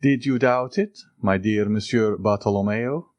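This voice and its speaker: A man doing a measured, assured count. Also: lowish voice, darkish tone, no room sound, muffled recording, close to an everyday voice.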